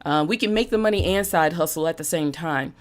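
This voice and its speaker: Speaking fairly quickly in a deep voice, a woman runs a live-streamed motivational session. She's a business coach and podcast host whose emphatic style leans on repeated phrases, and she coughs from time to time.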